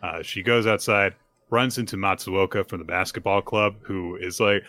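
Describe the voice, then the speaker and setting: A man's voice: low-pitched, steady tone, normal speed, sharp tone. A man co-hosting a podcast, casually recapping manga chapters and acting out the characters' lines. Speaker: podcast co-host.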